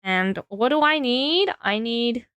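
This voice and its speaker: A woman's voice: fairly high pitch, lively intonation, slow, fairly bright tone, clear, resonant tone, no echo. A woman streaming, chatting casually and giggling as she builds and talks to her viewers, tired and trailing off into self-talk. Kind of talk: casual live-stream chat while building.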